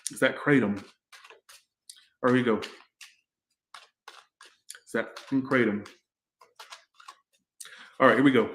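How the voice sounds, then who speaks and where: Casual male tarot livestreamer, mid-pitched, rambling and profane, echoey room. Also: steady tone, slow, long pauses, a bit bright, slight background noise. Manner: rambling, chatty, swears freely. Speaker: tarot reader and livestream host.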